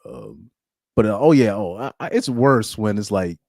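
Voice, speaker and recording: Low-voiced laid-back man, dry mic. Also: very animated, moderate pace, gravelly, darkish tone, no echo. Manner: laid-back, slangy, chuckles between points. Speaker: podcast host. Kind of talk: casual chat.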